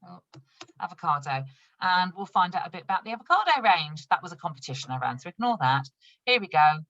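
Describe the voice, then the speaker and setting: A woman's voice: lowish voice, sing-song, a little fast, fairly bright tone, muffled recording. A woman running an online training session for new consultants. She talks in a chatty, upbeat way, laughs often and shows products as she explains them. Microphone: video call.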